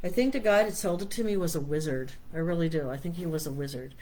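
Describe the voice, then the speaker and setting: A woman's voice: low voice, fast talker, dark tone. A middle-aged woman hosting a meditation stream, chatting casually and rambling as she reads product labels aloud. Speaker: meditation host. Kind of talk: casual live-stream chat.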